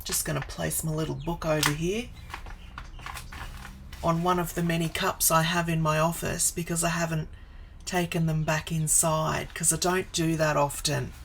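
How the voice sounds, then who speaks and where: A woman's voice: deep voice, little pitch movement, moderate pace, vocal fry, a little hiss or hum, poor audio. A woman in her forties chatting casually on a live stream from her home office, greeting viewers by name and wandering into asides. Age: 40s.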